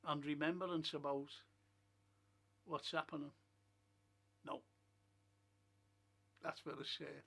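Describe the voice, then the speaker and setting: Gravelly man chatting. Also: a little high, fairly even intonation, slow, pauses often, sharp tone. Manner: chatty storyteller, blunt opinions. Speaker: host of a film and TV review show. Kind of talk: casual rambling chat. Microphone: streaming setup.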